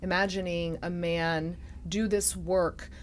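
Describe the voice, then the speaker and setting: A reflective woman host speaks softly in a somewhat low voice, opening up in an intimate conversation. A faint hiss sits under her voice. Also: little pitch movement, slow. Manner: reflective, soft-spoken, emotional at times. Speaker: podcast host.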